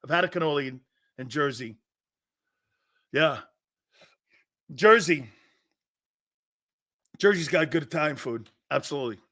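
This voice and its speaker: Bright, high-voiced animated male host. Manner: animated storytelling, quick mob-movie impressions, laughs often. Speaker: sports talk show host. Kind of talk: casual chat.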